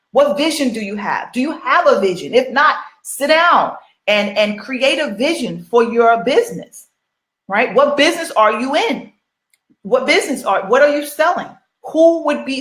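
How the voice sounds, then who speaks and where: A middle-aged woman gives a casual motivational talk as an online business coach, circling back with rhetorical questions and repeating herself. Her voice sits slightly high, and the room around her has a noticeable echo. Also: fairly bright tone. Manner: repetitive, rhetorical questions, chatty.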